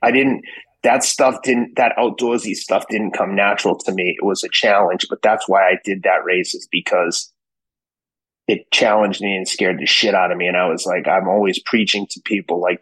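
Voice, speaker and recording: Husky, profane man in his fifties. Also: low-pitched, steady tone, moderate pace, fairly bright tone, no room sound, poor audio. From Boston. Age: 50s. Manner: profane, acts out both sides of conversations. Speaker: guest. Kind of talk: animated storytelling.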